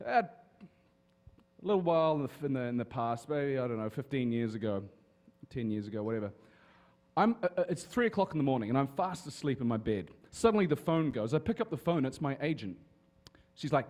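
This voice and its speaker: A man telling casual, lively anecdotes to an audience as a guest on a convention panel. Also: mid-range voice, a little fast. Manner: lively storyteller with restarts and swearing.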